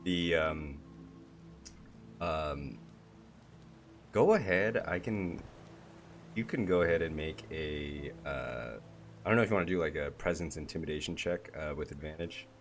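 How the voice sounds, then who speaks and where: A man narrating a tabletop game as game master, halting and searching for words. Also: extremely low pitch, a little hiss or hum. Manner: halting, many fillers and restarts.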